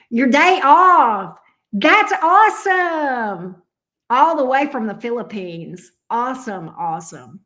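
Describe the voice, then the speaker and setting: A woman's voice: on the high side, a bit bright. A woman hosting a casual livestream. She greets viewers by name and coos affectionately over her dog. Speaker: tarot reader hosting a livestream. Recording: roomy echo.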